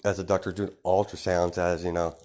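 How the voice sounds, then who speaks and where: A man's voice: low-pitched, little pitch movement, brisk, a little mellow. A man improvising a fan-fiction story aloud, rambling casually with lots of fillers.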